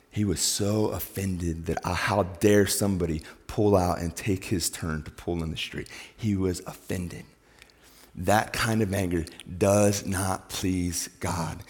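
A man's voice: sits low, slightly rough. Man preaching in a reverberant church. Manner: storytelling, animated, rising to loud emphatic peaks. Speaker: pastor. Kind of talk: sermon with a personal story. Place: church sanctuary. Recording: long hall reverb.

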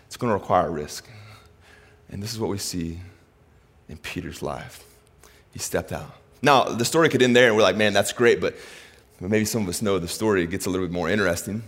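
A male pastor preaching a sermon, impassioned, swinging between loud, urgent preaching and hushed asides. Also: deep voice, a little fast. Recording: reverberant hall.

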